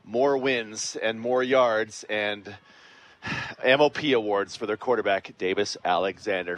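A man's voice: lowish voice, a little slow, a bit bright, no room sound. Man, sports radio broadcaster, post-game wrap-up, upbeat, dry close sound. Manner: upbeat, chuckling sign-off.

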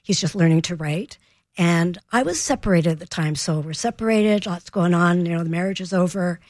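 A woman in her thirties, a child behavior expert, telling a parenting story on a radio talk show and acting out the calm words she used. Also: fairly low pitch, brisk, dry recording, studio quality.

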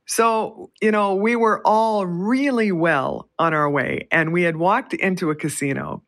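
A woman's voice: on the low side, a little slow. A middle-aged woman from Canada hosting a radio show, telling a story in casual chat and laughing often. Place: radio studio.

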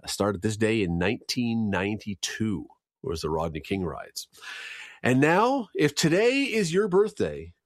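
Speaking a little slowly in a fairly low voice, this radio host chats his way through the morning news, gas prices and a look at the day in history, cracking jokes along the way in a lively, talkative manner.

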